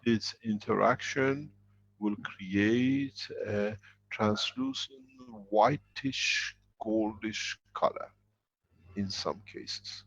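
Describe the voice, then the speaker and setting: A man's voice: lowish voice, sing-song, extremely slow, a bit bright, lo-fi sound. A man answering questions in a live online teaching session, explaining at length with emphatic, rambling sentences.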